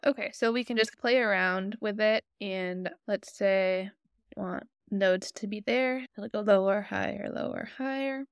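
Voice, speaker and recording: Smooth-voiced woman explaining software. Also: mid-range voice, fairly even intonation, a little slow, no echo, studio quality. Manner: friendly, explanatory, step-by-step. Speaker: tutorial host. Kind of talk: screen-recorded software tutorial.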